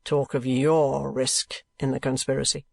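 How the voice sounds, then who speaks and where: A man's voice: mid-range voice, little pitch movement, measured pace, creaky, no echo, clean studio sound. A man voicing a cold, scheming older moneylender who speaks curtly and presses his points with emphasis. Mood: contemptuous.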